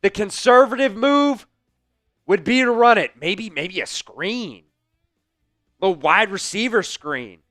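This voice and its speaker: A hoarse man, hosting a fan livestream of a football game, calling plays, shouting and chanting in excitement. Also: sits high, takes it slowly, dry recording, studio quality, faint music behind. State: hoarse, voice worn out. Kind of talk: live fan play-by-play watch-along.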